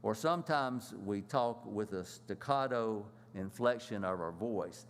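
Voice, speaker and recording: A man teaching a church lesson in a plain, halting way, with many fillers and restarts. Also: on the low side, in a large hall.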